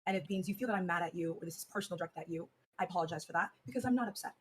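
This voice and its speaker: A woman co-host answering calmly in a flat, measured, serious monotone. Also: on the low side, a little hiss or hum. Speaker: co-host on a live stream. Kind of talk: serious on-air reply.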